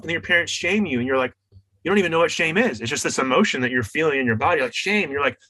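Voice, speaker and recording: A man's voice: a little high, lively intonation, quick pace, bright, forceful tone, dry recording, rough recording. A man, a wellness coach and author, speaking as a podcast guest in an emphatic, teacherly way. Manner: emphatic, teacherly, acts out voices in his examples.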